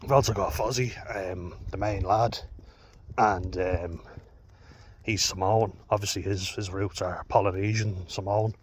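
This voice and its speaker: A man's voice: low voice, steady tone, unhurried, slight background noise. An Irish man who coaches youth rugby, talking casually to camera in a rambling, frank way, with fillers and the odd swear word. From Ireland.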